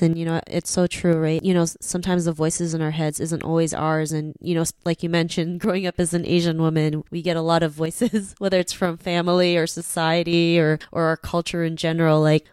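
A woman's voice: fairly low pitch, a little mellow, smooth, no room sound. A woman hosting a podcast interview, chatty and full of "you know" fillers. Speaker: podcast host.

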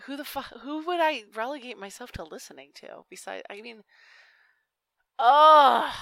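A woman's voice: mid-range voice, bright, forceful tone, no echo. A woman co-hosting a podcast in casual chat, teasing and swearing. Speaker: podcast co-host.

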